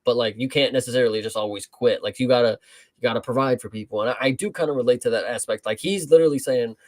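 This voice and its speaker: A man's voice: mid-range voice, quick pace. Rambling, profane man chatting about a film. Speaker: film review co-host. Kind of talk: casual film review chat.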